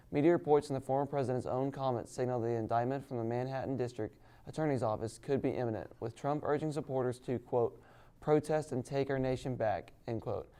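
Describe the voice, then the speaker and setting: A man reading news items in a steady read-aloud manner as an anchor. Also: mid-range voice, clear, resonant tone.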